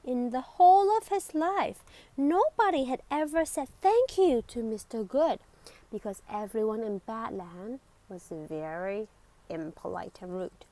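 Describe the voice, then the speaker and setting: Woman reading a kids book aloud, slow, high voice that swoops all over, whispers bits for drama. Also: poor audio. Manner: expressive, with dramatic whispers and exclamations. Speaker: storybook reader.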